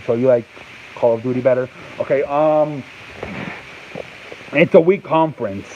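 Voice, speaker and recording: A man's voice: mid-range voice, normal speed, highs cut off, slight background noise. A man hosting a casual sports talk show, rambling and restarting his sentences and answering people off-mic. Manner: rambling, repeats himself, restarts often; answers off-mic chat and reads live comments.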